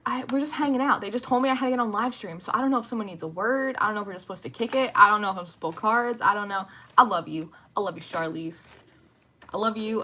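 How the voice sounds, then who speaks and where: A woman's voice: mid-range voice, fairly bright tone. A woman chatting casually from home on a livestream, rambling and greeting viewers by name. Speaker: livestream host. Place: at home at night.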